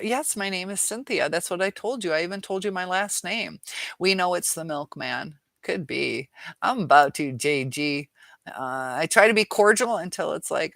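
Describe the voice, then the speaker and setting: A woman's voice: fairly low pitch, animated, normal speed, creaky, fairly bright tone, dry recording. A woman hosting a live chat, reading viewer comments aloud and answering them frankly, with exasperation.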